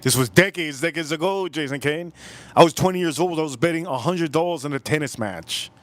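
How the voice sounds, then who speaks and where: A man in his forties hosting a casual livestream outdoors, telling animated stories and calling out viewers by name. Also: on the high side, a little fast, dry recording. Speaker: livestream host.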